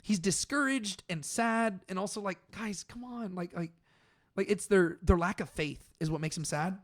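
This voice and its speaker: Young male co-host, higher voice, chatty and animated in a casual scripture discussion. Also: normal speed. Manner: conversational, uses many "like"s, animated when paraphrasing. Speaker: podcast co-host. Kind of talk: casual Bible study discussion.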